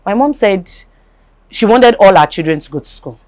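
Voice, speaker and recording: A woman hosting a casual chat, agreeable and quick to interject. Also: mid-range voice, expressive, darkish tone. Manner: agreeable, hums along and chuckles, interjects. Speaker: host.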